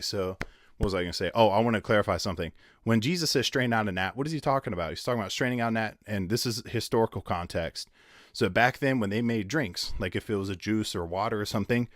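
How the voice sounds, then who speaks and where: A man's voice: fairly low pitch, no room sound, studio quality. A man teaching the Bible in a casual video, rambling and conversational with many asides and fillers. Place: at home with his wife behind the camera.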